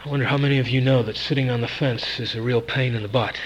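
A man preaching a sermon at a church service, emphatic and repeating key words, swinging between loud and soft. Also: medium pitch, steady tone, quick pace, dull audio, noisy background.

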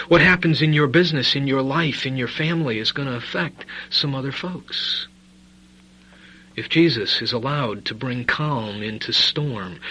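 A male preacher with a bright, sharp-edged voice delivers a sermon. He leans hard on key phrases and asks the listeners rhetorical questions. Then he drops to quiet, intimate asides. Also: mid-range voice, slightly rough, rough recording. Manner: emphatic, rhetorical questions, swings between loud stress and quiet asides. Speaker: preacher and Bible teacher.

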